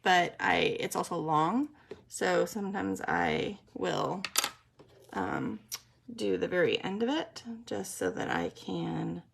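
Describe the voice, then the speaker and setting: A woman's voice: medium pitch, vocal fry. A woman, rambling and chatty, talking through a live makeup tutorial with lots of ums. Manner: chatty, rambling, many ums, explains as she works.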